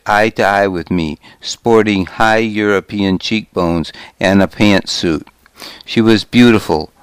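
A man reading a novel aloud as a volunteer, in a calm, steady audiobook narration. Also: lowish voice, clear, resonant tone, no echo. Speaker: volunteer reader.

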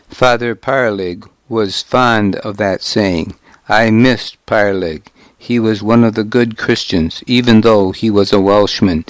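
A man reads a first-person historical novel aloud at a very unhurried pace, his voice pitched a little low. His delivery is measured and grave. The recording is close and dry, with no room sound. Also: no echo. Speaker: audiobook narrator. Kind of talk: scripted first-person narration.

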